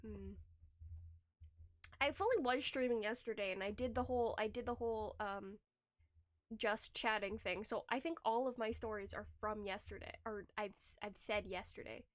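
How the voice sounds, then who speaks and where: A young adult woman livestreamer sits close to a desk microphone, chatting casually with viewers and reading their messages. Her mid-range voice moves at a normal speed with no echo, and she rambles, laughs often and restarts her sentences.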